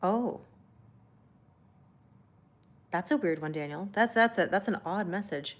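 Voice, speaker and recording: A woman's voice: on the low side, normal speed. Chatty woman giving a live tarot reading. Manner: chatty and reassuring, laughs often, reads out viewer comments. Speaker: tarot reader hosting a livestream.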